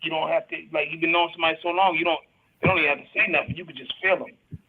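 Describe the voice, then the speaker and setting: Casual talk-show guest, man, husky and fairly high, heard over a tinny phone line, halting and heartfelt. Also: fairly even intonation. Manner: halting, emotional, trails off mid-sentence.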